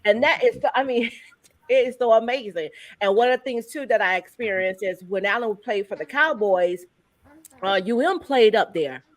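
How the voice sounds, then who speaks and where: A woman hosting a casual livestream chat, animated and teasing, laughing often. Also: fairly high pitch, normal speed, no room sound. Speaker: host.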